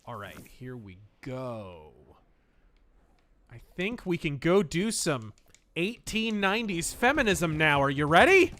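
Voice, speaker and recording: A man's voice: fairly high pitch, very animated, measured pace, fairly bright tone, slight background noise. A man hosting a live stream while playing a video game, talking in a profane, offhand way and muttering to himself. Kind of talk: live-stream gameplay commentary.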